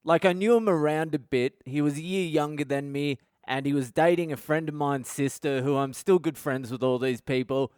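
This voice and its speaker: Aussie guy in his 30s spinning a sweary yarn, smooth clear voice, dry close sound. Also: mid-range voice, dry recording. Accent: Australian. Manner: crude, swearing, animated storytelling. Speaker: podcast host. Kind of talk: storytelling monologue.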